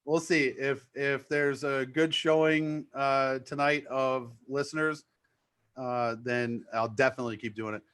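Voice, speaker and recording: Excited New England DJ. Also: male voice, mid-range voice, clean tone. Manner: excited, fast and rambling. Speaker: DJ promoting his live mix show. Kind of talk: casual chat.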